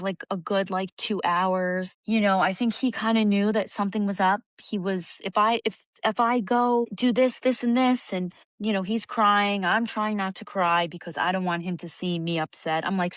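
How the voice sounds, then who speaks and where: Young woman podcast cohost, lowish voice, dry close sound, thoughtful and earnest. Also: no room sound. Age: young adult. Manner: reflective, earnest. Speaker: podcast co-host. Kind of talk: casual chat.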